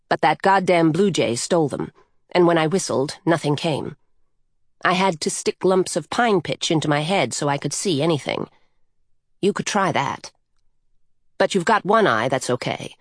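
A blunt, unbothered trickster coyote from a storybook, as a woman narrator puts him on. The voice sits a little low and comes across dry and close, with no room around it. He talks in a casual, matter-of-fact way. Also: no room sound.

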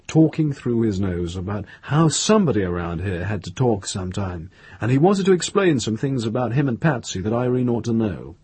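A man reading a novel aloud in steady, measured scripted narration. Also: fairly low pitch, breathy edge, no room sound.

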